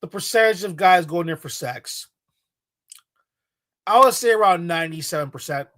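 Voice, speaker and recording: A man's voice: high-pitched, lively intonation, normal speed, bright, forceful tone, no room sound, studio quality. A man giving casual reaction commentary in a blunt, mocking, exasperated way.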